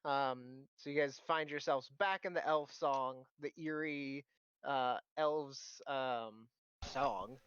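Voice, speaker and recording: Male game master, loose and profane, bright voice, lo-fi recording. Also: mid-range voice, slow, clear, resonant tone. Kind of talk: narrating a tabletop game.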